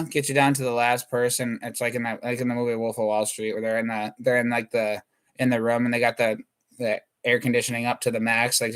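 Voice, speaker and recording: A man's voice: medium pitch, smooth. Man, mid-range voice, for a loose stand-up ramble that keeps interrupting and restarting itself. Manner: scattered, self-interrupting, restarts thoughts mid-sentence. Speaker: comedian. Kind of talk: rambling comedic monologue.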